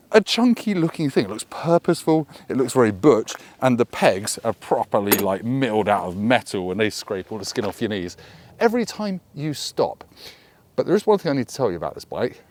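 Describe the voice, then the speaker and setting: A man's voice: mid-range voice, darkish tone, no room sound. A man giving a casual, joking review to camera outdoors by a road, full of self-deprecating asides. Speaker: motorcycle reviewer.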